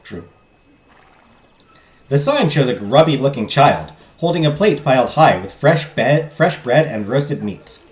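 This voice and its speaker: Here a man with a medium, sing-song voice streams a text game at a moderate pace, reading the narration and bantering with his chat. Jokey, self-deprecating asides fill the gaps in this let's play. There's faint game music and a roomy echo.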